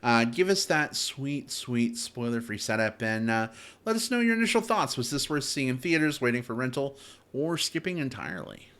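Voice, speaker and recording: A man hosting a podcast, talking in an animated, playful way with lots of fillers. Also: mid-range voice, normal speed. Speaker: podcast host. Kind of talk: casual chat.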